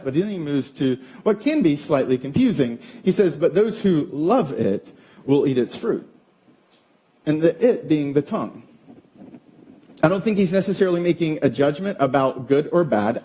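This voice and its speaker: A man in his thirties preaching a sermon as pastor, telling a family story with animated, acted-out quotes. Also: a little high. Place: church auditorium.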